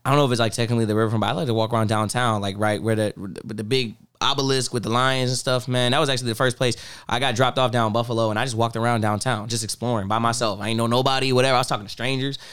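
A young man from Ohio, a podcast guest in casual chat, slangy and animated, his voice jumping up when he acts out other people. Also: rapid-fire, hardly any pauses, clean tone, no echo, studio quality. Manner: animated storyteller, slangy, voice jumps high when acting out people.

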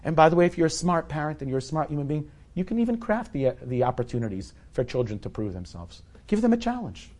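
In an event hall before a live audience, a man in his forties tells a personal story in a candid, conversational, self-deprecating way. His voice is a little high and darkish in tone, and he speaks fast and very animatedly.

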